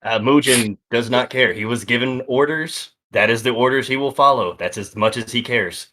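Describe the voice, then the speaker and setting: A man playing a tabletop role-playing game, casual and playful, dropping low for his character. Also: moderate pace, background noise. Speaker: player. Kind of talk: tabletop role-play chat.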